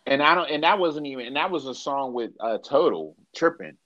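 A man's voice: medium pitch, animated, fairly quick, a bit bright, dry recording, muffled recording. A man in his early thirties co-hosting a podcast, chatting casually and rambling with many restarts and self-corrections. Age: early 30s. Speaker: podcast co-host. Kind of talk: casual chat.

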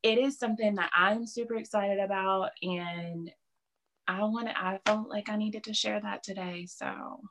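A woman speaks earnestly and at an unhurried pace as a co-host in casual conversation. Her voice sits in a middle pitch for a woman. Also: fairly even intonation, background noise. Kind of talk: casual chat.

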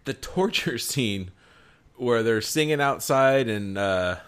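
A man's voice: mid-range voice, lively intonation, takes it slowly, fairly bright tone, smooth. A man co-hosting a casual movie podcast, laid-back and laughing often as he talks. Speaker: podcast co-host.

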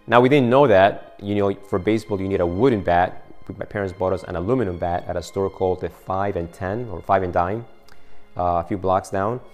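A deep-voiced middle-aged man preaches in a relaxed storytelling way. He often restarts his phrases as he talks to the congregation. Faint music plays softly behind him. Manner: conversational storytelling, many restarts. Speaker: pastor. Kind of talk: sermon with personal story.

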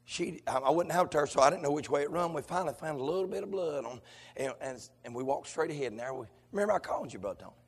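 A male pastor, preaching a sermon that swings from shouted, sung lines to low conversational talk. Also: expressive, fast talker, slightly rough. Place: church sanctuary. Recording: long hall reverb.

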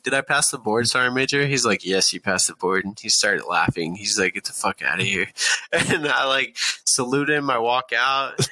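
A man's voice: medium pitch, bright, forceful tone, no room sound. A young man, a podcast guest, telling a long casual army story full of swearing and breaking into laughter. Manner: profane, laughs through his own story.

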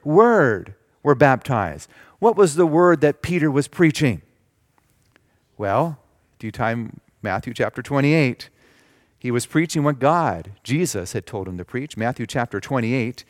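Male pastor, mid pitch, preaches with deliberate scripture reading; dry, close sound. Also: expressive, dry recording. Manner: reads scripture slowly and emphatically, explains plainly. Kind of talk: sermon.

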